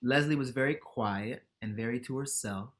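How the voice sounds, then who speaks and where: A D.C.-area man in his thirties, a comedian, guests on a casual podcast, laughing his way through animated stories. He speaks in a mid-range voice at a moderate pace.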